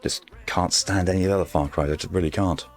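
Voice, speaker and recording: A man streaming his art, talking softly in an ASMR-style murmur right on a close microphone, rambling to himself as he draws. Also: low-pitched, fairly even intonation, fast talker. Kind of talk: soft ASMR-style stream chat while drawing. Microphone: very close desk microphone. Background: faint background music.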